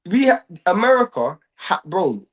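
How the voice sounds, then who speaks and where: Slangy man, somewhat high voice. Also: sing-song, a little slow. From England. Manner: dismissive, slangy, stammering restarts. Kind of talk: heated casual debate.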